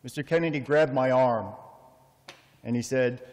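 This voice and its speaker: A middle-aged man giving a heartfelt funeral eulogy for his father, measured and full of storytelling pauses. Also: mid-range voice, darkish tone. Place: memorial service in a large hall. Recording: long hall reverb.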